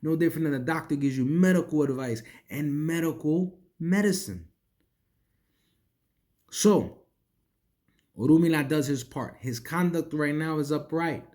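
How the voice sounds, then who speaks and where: A man with a slightly raised speaking pitch explains a spiritual story as a teacher. He talks in an explanatory way, often checking in with "right?" and repeating words as he rethinks mid-sentence. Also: unhurried, long pauses, darkish tone. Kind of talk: teaching by retelling a sacred story.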